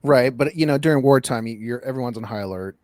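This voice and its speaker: Relaxed man on a dry close mic. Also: medium pitch, quick pace, no room sound. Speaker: podcast co-host and voice actor. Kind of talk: casual chat.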